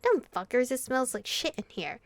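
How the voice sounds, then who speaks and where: Woman voicing a loud, crude vampire brawler guy. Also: sits high, sing-song, normal speed, no room sound. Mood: rowdy.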